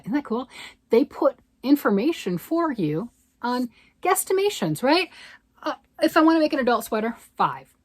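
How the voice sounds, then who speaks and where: A woman's voice: on the high side, dry recording. An older woman, a grandmother, chatting casually about yarn and knitting on her vlog, rambling and often asking "right?". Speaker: yarn vlogger. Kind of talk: casual chat.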